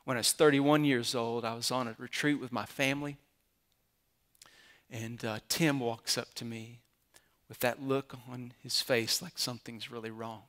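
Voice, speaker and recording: A pastor in his forties tells personal stories from the pulpit with quiet earnestness. His mid-range man's voice rises into forceful, emphatic peaks as the sermon builds. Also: mid-range voice, steady tone, moderate pace.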